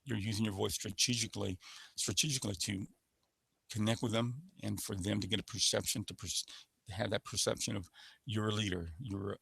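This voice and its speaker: A man's voice: fairly low pitch, fairly even intonation, brisk, vocal fry, fairly bright tone, breathy edge, no echo. A man presenting a sales-skills webinar in a coaching manner, showing voice patterns with sample phrases. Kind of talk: instructional webinar talk.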